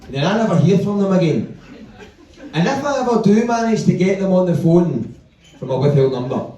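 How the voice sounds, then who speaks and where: A man's voice: sits high, big pitch swings, a little fast, dull audio, background noise. A Glaswegian man performing a stand-up routine on a comedy club stage, with punchy, sweary, self-mocking storytelling. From Glasgow. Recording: echoey live club, distant mic, audience laughter.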